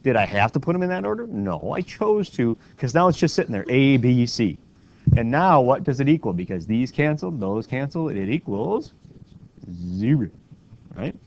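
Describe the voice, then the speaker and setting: In a dull, lo-fi classroom recording with faint noise, a male teacher works through a math problem step by step, repeatedly checking in with "right?". His voice sits mid-range but swings widely in pitch and has a creaky quality.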